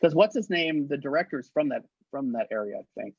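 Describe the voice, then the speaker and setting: As a guest in a casual interview, an actor and effects artist tells lively show-business stories, acting out the voices he quotes and laughing often. His fairly high voice is brisk with a breathy edge, and the dull, lo-fi recording has no room sound.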